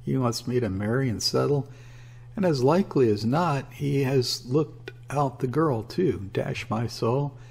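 Here is a man doing a boisterous young sailor from an audiobook, a swaggering, loud-talking fellow. His voice is low and gravelly with a husky edge, and he turns scornful and loud when he is crossed. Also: measured pace, full character voice. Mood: raging. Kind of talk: audiobook character reading.

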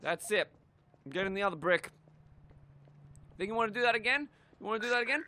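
A man playing a shooter and joking around, goofy and sweary, with sudden shouts. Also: high voice, animated, a little fast, pauses often, a little hiss or hum. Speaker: let's play gamer. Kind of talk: gaming commentary.

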